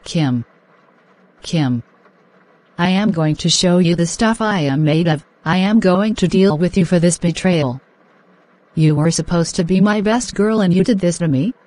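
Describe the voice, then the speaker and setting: A woman voicing a jealous, hot-tempered young woman in an animated drama, indignant and dramatic. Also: lowish voice, no echo. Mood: threatening.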